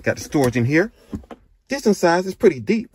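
This car reviewer sounds a bit high and a little mellow, very animated and brisk, with slight background noise. He tours a pickup at a dealership, outside on the lot and in the cab, tossing off its features in quick, casual bits.

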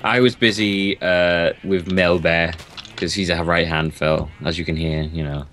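A man's voice: low voice, steady tone, measured pace, a bit bright, slight background noise. A young man co-hosting a casual gaming chat, teasing and joking, often laughing. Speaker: co-host of a gaming series.

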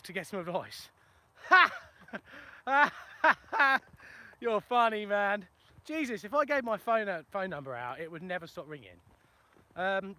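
Tradesman host, raised pitch, self-mocking, casual live-stream chat in the open countryside. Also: bright, forceful tone. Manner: chatty, self-mocking, answers viewer questions. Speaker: plumber and video host. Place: outdoors in a ploughed field in the countryside. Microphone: phone for a live video.

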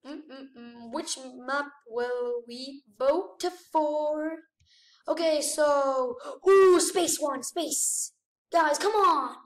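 A high-pitched woman narrates her gameplay with excited gasps and exclamations. Her voice rings in an echoey room, picked up from a mic set some distance away. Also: very slow. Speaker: gamer. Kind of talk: gameplay commentary.

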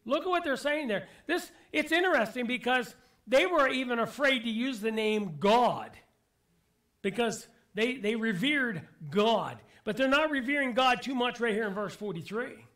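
A man's voice: very high-pitched, lively intonation, moderate pace, a bit bright. A male pastor giving a sermon to his congregation, emphatic and full of rhetorical questions. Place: church.

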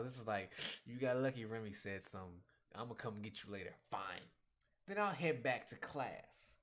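A man hosts a webcomic reaction in a loose, slangy way. He is animated and laughs a lot as he comments. His voice sits at a middle pitch for a man.

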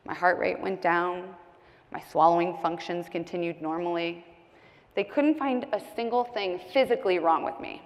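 A young woman giving a comedic, candid personal speech from a conference stage, animated and jokey. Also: fairly low pitch, normal speed. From United States. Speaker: keynote speaker. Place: large conference hall stage. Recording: long hall reverb.

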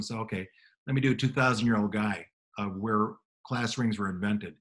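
A middle-aged man, a motivational speaker, telling relaxed self-deprecating anecdotes in conversation. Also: lowish voice, a little fast. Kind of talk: storytelling in a radio conversation.

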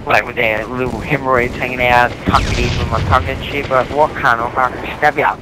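A man's voice: medium pitch, steady tone, fairly quick. Rambling man on noisy game chat. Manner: rambling, joking, laughs at his own lines. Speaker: online game player. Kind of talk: crude voice chat banter.

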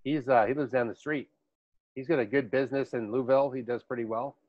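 A man's voice: mid-range voice, steady tone, a little fast, no echo. A man hosting a podcast in casual chat, rambling through stories and laughing often. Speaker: podcast host. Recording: dull dry lo-fi recording.

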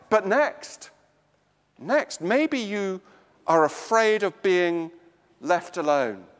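An English man preaching a slow, emphatic sermon in a church. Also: big-room sound. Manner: slow, emphatic preaching with dramatic swings of pitch and volume.

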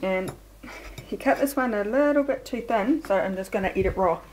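A woman's voice: medium pitch, normal speed, a little mellow, slight background noise, low-quality recording. A young woman chatting casually in an offhand, matter-of-fact way as a vlogger, in a home kitchen late at night. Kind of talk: casual chat.

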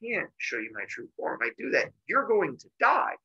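A man's voice: high-pitched, huge pitch swings, normal speed, sharp tone, breathy edge, dull audio, exaggerated voice. A man voicing a boastful, bumbling king of the gods in a goofy, over-the-top comic way. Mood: goofy bluster.

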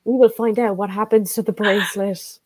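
A woman's voice: mid-range voice, steady tone, brisk, a little mellow, no room sound. A woman in casual chat with friends, dropping short, teasing quips. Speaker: book discussion participant.

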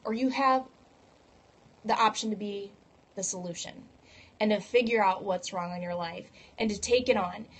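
A woman's voice: medium pitch, breathy edge. A woman vlogger giving an earnest, casual motivational talk to camera and acting out voices when she tells a story. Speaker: fitness coach and vlogger.

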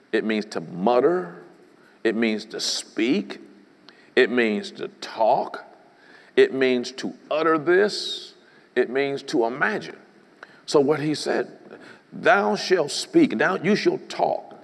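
A man's voice: mid-range voice, vocal fry. A man preaching a sermon as a bishop, emphatic and rhythmic, often breaking in with "praise the Lord.". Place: church sanctuary. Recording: long hall reverb.

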